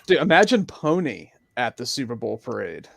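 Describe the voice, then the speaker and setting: A man's voice: medium pitch, sing-song, moderate pace, creaky, a bit bright, slight background noise. A man co-hosting a casual sports chat, joking and swearing. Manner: laughs often, joking and profane. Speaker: podcast co-host.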